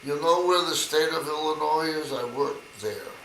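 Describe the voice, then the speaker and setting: A man's voice: lively intonation, moderate pace, fairly bright tone, echoey room, a little hiss or hum, rough recording. An older man doing a reticent ex-convict. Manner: reticent, low-key. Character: quiet middle-aged man, reticent ex-convict.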